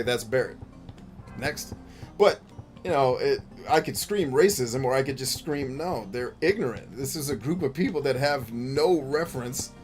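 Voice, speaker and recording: A man streaming a video game, riffing in a joking, profane, animated way. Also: medium pitch. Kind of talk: casual let's-play commentary.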